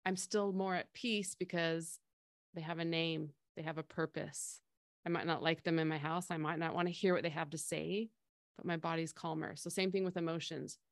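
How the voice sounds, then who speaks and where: With a deep, steady voice at normal speed, a middle-aged co-host talks through feelings on a casual podcast, leaning on everyday analogies and acting out the voices she quotes. The recording is dry and studio clean.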